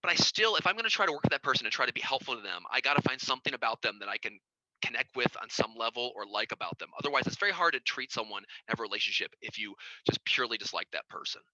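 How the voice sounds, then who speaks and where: A middle-aged man lecturing as a child psychiatrist, talking quickly with a lively, swooping pitch. His voice is bright and forceful, recorded dry and close. He slips into quoted voices as he goes. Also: dry recording, low-quality recording. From United States. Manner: conversational, acts out quoted voices with big pitch jumps. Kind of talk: informal lecture.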